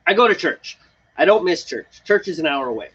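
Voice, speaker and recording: A man's voice: fairly high pitch, animated, fairly quick, a bit bright, husky, lo-fi sound. A man co-hosting a homebrewing live stream outdoors on a porch, chatting casually and rambling with frequent laughs. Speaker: homebrew show co-host. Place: front porch patio, outdoors.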